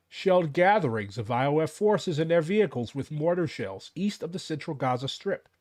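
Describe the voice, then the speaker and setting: A man's voice: medium pitch, no echo, studio quality. An American man commenting to camera in a casual rant, profane and exasperated, his voice jumping up when he gets worked up. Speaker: political commentator.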